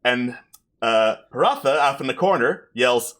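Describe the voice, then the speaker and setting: A man's voice: a little high, very animated, normal speed, pushed and bright. A man hosting a livestream and narrating as game master, playful and self-mocking. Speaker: game master and stream host.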